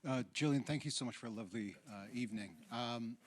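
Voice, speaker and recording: A man's voice: medium pitch, fast talker, a little hiss or hum. A man from Canada in the audience, politely asking a question in a searching way.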